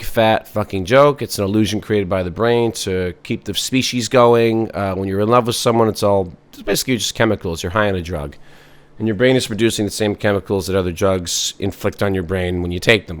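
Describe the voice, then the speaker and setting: A man hosting a podcast in a rambling, sardonic comic monologue full of fillers. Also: fairly low pitch. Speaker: podcast host.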